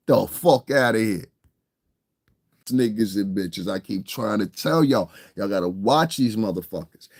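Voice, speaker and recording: A man giving a profane, confrontational, mocking rant as an online hip hop commentator, swinging between shouting and muttering. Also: fairly high pitch. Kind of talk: ranting streamed commentary.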